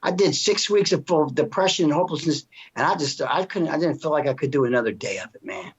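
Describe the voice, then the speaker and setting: A man's voice: on the high side, expressive, fast talker, slightly rough. Earnest middle-aged man, dull lo-fi recording. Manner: earnest, emotional, with frequent restarts and "you know what I mean". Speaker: interview guest. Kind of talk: personal testimony in casual conversation. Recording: dull lo-fi sound.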